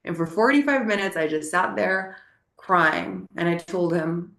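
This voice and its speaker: A woman's voice: on the low side, lively intonation, unhurried, a bit bright. A young adult woman teaching, telling stories with animation and acting out the voices she quotes. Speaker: spiritual teacher. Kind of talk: casual teaching talk. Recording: echoey room.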